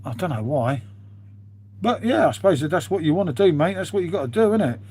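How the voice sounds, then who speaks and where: Live streamer, man, husky and a bit high, casual sweary chat. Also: sing-song, quick pace, darkish tone. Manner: chatty, swears freely, says "mate" constantly.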